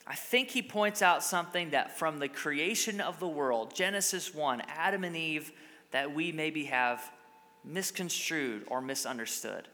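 A man's voice: on the high side, animated, unhurried, sharp tone, big-room sound. A male pastor giving a sermon in a church, conversational and emphatic. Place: church sanctuary.

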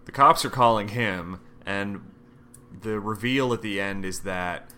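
Male co-host, bright tense tone, animated comic recap. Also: on the low side, measured pace, smooth. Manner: animated retelling with loud acted outbursts. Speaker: podcast co-host. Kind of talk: casual comic book recap.

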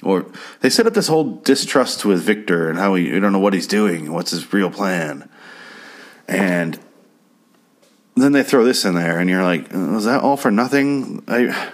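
A man's voice: low voice, expressive, measured pace, long pauses. A man recapping and reviewing a TV episode in a casual, profane, sarcastic and rambling way.

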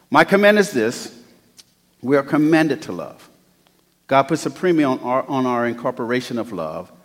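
Preaching man in a reverberant church. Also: a little high. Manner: swings from hushed to loud preaching. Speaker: pastor. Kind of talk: sermon. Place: church sanctuary.

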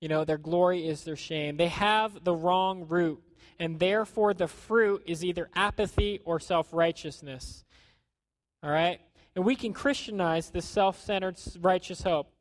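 A man preaching a sermon in a conversational way, acting out quotes and dropping to a hushed tone at times. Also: high voice, a little slow, dry recording. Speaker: pastor.

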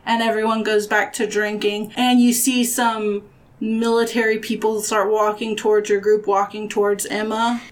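A woman's voice: mid-range voice, flat delivery, moderate pace. A young woman narrating a tabletop game as game master in a casual, filler-heavy way.

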